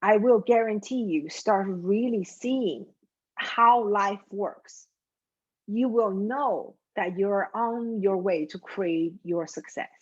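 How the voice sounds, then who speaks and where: A woman's voice: medium pitch, slow pace, a little mellow, highs cut off. A woman mindset coach telling a story and then speaking earnestly and directly to her viewers.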